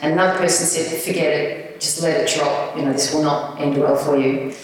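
A woman's voice: deep voice, a little fast. A middle-aged woman, telling anecdotes as an author at a live event. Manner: animated anecdotal storytelling with laughs. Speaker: author and guest speaker. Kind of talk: live stage conversation, storytelling. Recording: echoey hall from far off.

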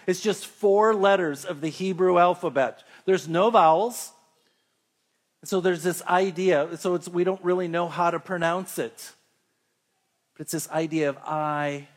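A man with a fairly high-pitched voice preaches a sermon, telling Bible stories conversationally and reading scripture slowly.

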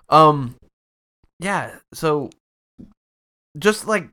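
A man's voice: mid-range voice, normal speed. A young man co-hosting a casual podcast chat, swearing freely and lapsing into mocking impressions. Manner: profane, animated, mocking impressions. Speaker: podcast co-host.

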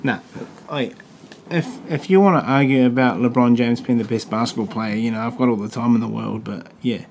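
A man's voice: medium pitch, fairly even intonation, a little fast, darkish tone, slight background noise. A man with a New Zealand accent, hosting a casual podcast chat, crude and joking, swearing freely. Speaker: podcast host.

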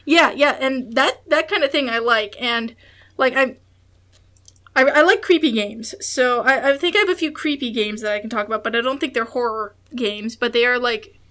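A woman co-hosting a podcast in casual chat, talking in a halting, hesitant way. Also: fairly high pitch, fairly bright tone. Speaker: podcast co-host.

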